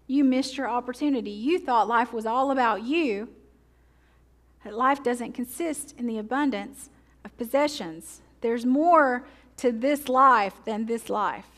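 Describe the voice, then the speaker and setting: A woman teaching pastor delivering a sermon, slowing down to read scripture aloud and adding joking asides and rhetorical questions. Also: on the high side. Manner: reads scripture slowly and deliberately.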